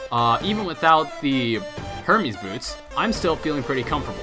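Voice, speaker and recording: A man narrating a video game recap, switching to casual live commentary full of swearing and excited reactions. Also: fairly high pitch, measured pace, music in the background. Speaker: gaming YouTuber.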